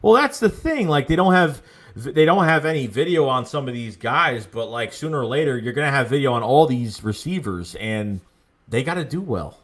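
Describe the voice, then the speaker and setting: A young man hosting a casual sports livestream, reading out viewer chat and reacting with emphatic, excitable takes. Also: mid-range voice, moderate pace. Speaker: livestream host.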